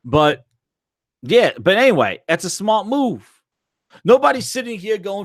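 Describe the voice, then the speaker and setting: A man's voice: high-pitched, a little slow, pauses often, no room sound, studio quality. A man hosting a casual gaming live stream, rambling and swearing as he answers chat. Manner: animated, profane, rambling.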